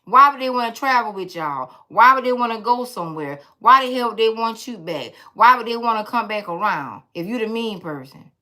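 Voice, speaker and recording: A woman's voice: on the high side, lively intonation, brisk, few pauses, pushed and bright. A woman giving a blunt, sassy tarot reading to her viewers, talking in a teasing, profane way. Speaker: tarot reader.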